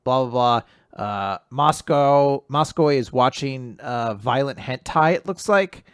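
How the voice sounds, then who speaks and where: A man in casual podcast chat who recaps comic chapters with enthusiasm, dipping in and out of the characters' lines. His voice sits at an ordinary middle pitch. The sound is dry and close. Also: slow, smooth, no room sound. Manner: animated retelling, acting out character lines, frequent laughs. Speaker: podcast co-host recapping manga.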